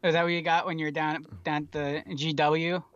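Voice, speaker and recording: A man's voice: on the high side, little pitch movement, a little fast, a bit bright, no room sound, dull audio. A man co-hosting a podcast in casual chat, making dry, wry remarks. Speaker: podcast co-host.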